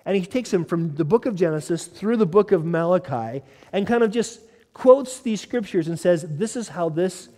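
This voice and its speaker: Animated pastor preaching in a reverberant hall. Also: male voice, high voice, moderate pace. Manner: animated preaching, acting out quotes, laughs. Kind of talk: sermon. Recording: long reverb of a large hall.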